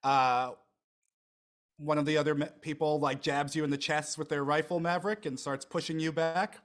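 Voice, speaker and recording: A man's voice: on the high side, fairly even intonation, normal speed, fairly bright tone. A man narrating a tabletop game as game master, in a casual, filler-heavy way.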